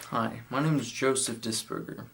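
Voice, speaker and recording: A sixteen-year-old boy tells stories about his own life, candid and reflective, sometimes slipping into playful voices. His mid-range voice is gravelly and a bit bright, with a steady tone and moderate pace. The audio is poor, with music playing underneath.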